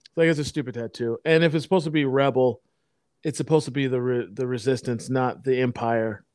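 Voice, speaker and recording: A man's voice: mid-range voice, steady tone, fairly quick, a little mellow, smooth, no echo, clean studio sound. A man telling long, profane anecdotes in a casual chat, rambling with many restarts. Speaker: storyteller in a podcast chat.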